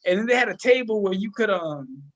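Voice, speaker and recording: A high-pitched, bright-toned man hosts a laid-back podcast chat. He tells stories loudly and excitedly, with plenty of swearing. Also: a little fast, dull audio. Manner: loud, excitable, profane storytelling. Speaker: podcast host. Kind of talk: casual chat.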